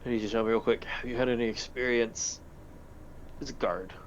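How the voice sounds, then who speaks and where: A man voicing a tired, curt male security guard at the end of a long shift, giving gruff, weary instructions in a slightly muffled recording. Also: medium pitch, fairly even intonation, fairly quick, a little hiss or hum, lightly acted. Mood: weary, brusque.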